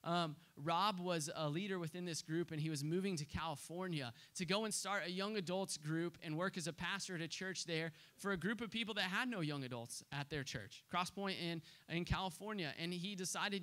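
Young adult male preacher, earnest storytelling sermon, voice a bit higher than most men. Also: fast talker, few pauses, bright, forceful tone. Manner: earnest storytelling with frequent restarts. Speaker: pastor.

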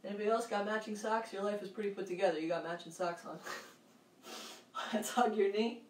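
A woman's voice: mid-range voice, fairly even intonation, a little fast, distant mic, a little hiss or hum. Upbeat woman coaching kids, echoey room. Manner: upbeat, encouraging, calling out moves and counts; loud bursts for roars and counts. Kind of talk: leading a live kids' workout. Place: room at home.

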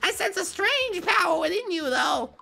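Synthetic woman's voice for a shrill, earnest game villager, solemn scripted lines, bouncy contour. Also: big pitch swings, normal speed, gravelly, bright, forceful tone, soft background music, heavily acted. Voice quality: synthetic speech voice. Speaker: game character. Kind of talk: video game dialogue.

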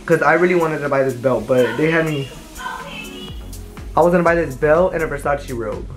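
A young adult shows a shopping haul at home in a relaxed vlog, rambling and telling lively stories. Their voice is mid-range at an ordinary speed, and faint music plays behind it.

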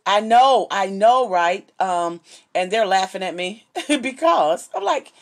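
A woman's voice: medium pitch, expressive, slow pace. A middle-aged woman, hosting a casual live jewelry sale and greeting viewers by name in a bubbly, chatty way. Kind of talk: casual live-stream selling.

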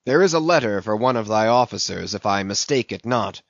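A grim old sea captain barks out orders in a gruff, commanding voice, as a male audiobook narrator puts him on. The storybook skipper sounds stern and brooding. The recording is muffled and dry. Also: fairly low pitch, lively intonation, fairly quick, dry recording.

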